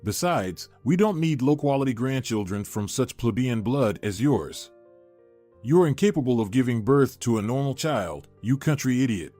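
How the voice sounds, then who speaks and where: A man's voice: mid-range voice, expressive, moderate pace, warm tone, close to an everyday voice. A man voicing a cruel, haughty middle-aged mother-in-law in a sneering, insulting manner, over faint music.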